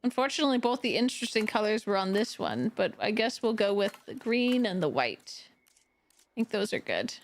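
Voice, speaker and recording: A woman streaming live, chatting casually with viewers while she plays, animated, laughing a lot and swearing freely. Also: mid-range voice, moderate pace, slight background noise. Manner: answers viewer chat while playing.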